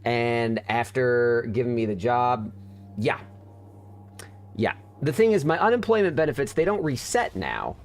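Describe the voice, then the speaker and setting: A man's voice: mid-range voice, big pitch swings, a little slow. A man streamer in casual live-stream chat, venting candidly to his viewers with frequent restarts.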